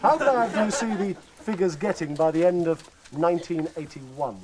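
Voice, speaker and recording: Deadpan mock-serious male interviewer. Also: high-pitched, moderate pace, a loud crowd. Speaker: comedy presenter. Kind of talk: mock political interview sketch.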